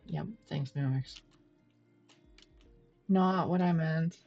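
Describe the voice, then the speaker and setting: A woman's voice: deep voice, slow, vocal fry, muffled recording, faint music behind. A woman streaming a game, chatting and thinking aloud as she plays and talks to her viewers. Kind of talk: live gameplay commentary.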